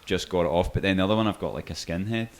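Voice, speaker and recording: A man's voice: sits low, rapid-fire. A young man co-hosting a podcast, rambling hesitantly and putting himself down in casual chat. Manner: hesitant, rambling, self-deprecating. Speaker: podcast co-host.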